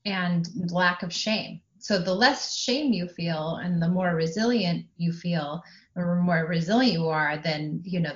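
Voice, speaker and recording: Calm, steady woman explaining parenting. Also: fairly low pitch. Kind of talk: casual podcast conversation. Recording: slightly dull, lo-fi sound.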